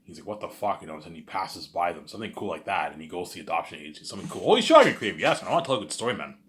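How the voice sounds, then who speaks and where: Male storyteller, low register, loose rambling delivery full of stammers and repeated fillers, with sudden excited outbursts. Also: very fast. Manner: repetitive and stammering, with constant "you know what I'm saying" fillers; bursts into excited loud asides. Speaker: storyteller pitching a film idea.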